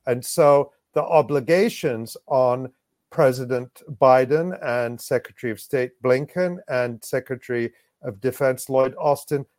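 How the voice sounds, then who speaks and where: A man hosting a roundtable, speaking in a measured, reflective way with frequent restarts. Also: medium pitch, darkish tone, dry recording. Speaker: host. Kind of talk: roundtable discussion.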